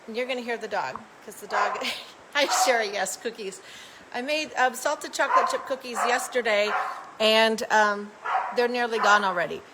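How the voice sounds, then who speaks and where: A woman's voice: a little high, normal speed, very noisy. Chatty crafter woman on a phone live stream. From Arizona, United States. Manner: chatty and upbeat, greets viewers by name, laughs often. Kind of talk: casual live-stream chat and craft room tour. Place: home craft room indoors.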